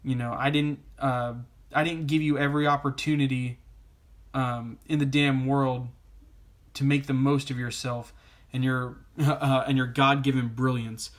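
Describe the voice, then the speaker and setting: A man's voice: medium pitch, level tone, a little slow, lightly acted. A man voicing a stern, protective older father in an insistent, lecturing way. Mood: indignant.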